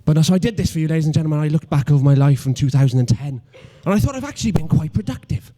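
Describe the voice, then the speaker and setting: Young Welsh man on stand-up, mellow voice sitting a bit high, self-mocking, trips over his words. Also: expressive, racing. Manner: self-deprecating, stammering restarts, mock-logical. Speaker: stand-up comedian. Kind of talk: stand-up comedy routine.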